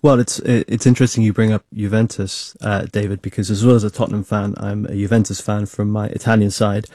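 A man talks reflectively as a studio guest in a radio discussion. His voice is low and mellow. The studio sound is dry and close. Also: flat delivery, fairly quick, no room sound. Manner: thoughtful, reflective, some restarts. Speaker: studio guest, football fan.

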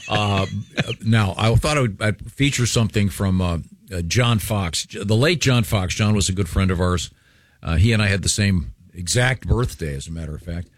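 A man's voice: fairly low pitch, moderate pace, no room sound. A man hosting a casual studio chat, folksy and rambling with plenty of fillers. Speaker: radio host.

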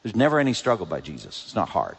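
A man's voice: on the low side, huge pitch swings, fast, gravelly, breathy edge. Man preaching in a reverberant hall. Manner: emphatic preaching with sharp swings between loud peaks and hushed drops. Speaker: pastor. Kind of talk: sermon.

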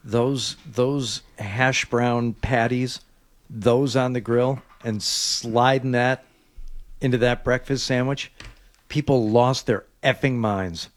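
A man with an ordinary mid-range voice trades banter on a podcast. He tells stories with a dry, deadpan wit. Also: mid-range voice, slow pace. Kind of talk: casual chat.

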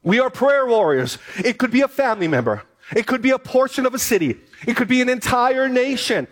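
Male pastor, high voice, sermon, reads scripture, repeats key lines for emphasis. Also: animated, fairly quick. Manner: reads scripture aloud, then preaches with emphatic repetition.

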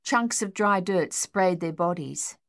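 A woman narrating an audiobook in a steady, measured storytelling voice. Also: on the low side, no room sound, studio quality. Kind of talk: scripted narration.

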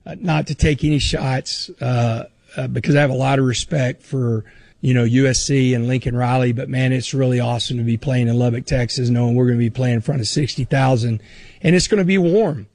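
A male football coach talking to reporters in a measured, hedging way. His voice sits mid-range and sounds dry and close. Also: mid-range voice, darkish tone, no room sound. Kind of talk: press conference remarks.

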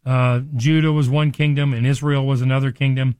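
A man's voice: medium pitch, flat delivery, brisk, a little mellow, smooth, dry recording. A man teaching a Bible lesson in a conversational sermon style, often restarting and acting out quoted speech.

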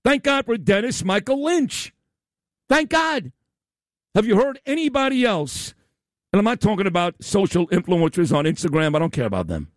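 Combative male talk radio host, high and animated, loud sarcastic rant, dry studio mic. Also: a little fast, dry recording.

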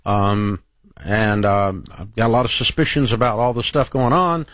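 A man hosting a call-in advice show, blunt and emphatic, dropping low and slow when he lays down firm advice. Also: steady tone, a bit bright, no room sound. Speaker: radio call-in show host. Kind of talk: advice talk show and read ad.

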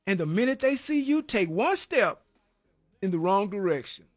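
Earnest, high-voiced man giving testimony. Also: very animated, normal speed, no room sound, clean studio sound. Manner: earnest and emphatic, often ending phrases with "man"; repeats words when stirred, preacher-like cadence. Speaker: former prison inmate giving testimony. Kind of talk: personal faith testimony.

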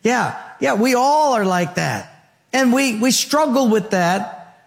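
A male pastor delivers a sermon in a rhythmic, rhetorical cadence. His voice sits high, and he weaves in humorous storytelling. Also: animated, slow, vocal fry, in a large hall.

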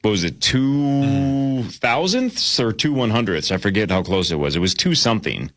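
Lively joking male podcast host. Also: mid-range voice, normal speed. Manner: joking, animated. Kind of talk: casual banter.

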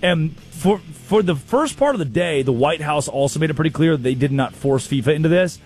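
A man's voice: fairly high pitch, moderate pace, soft background music. A man hosting a comedic sports talk show, telling stories and mimicking people. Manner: storytelling, mimics people in quotes, animated. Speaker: radio show host.

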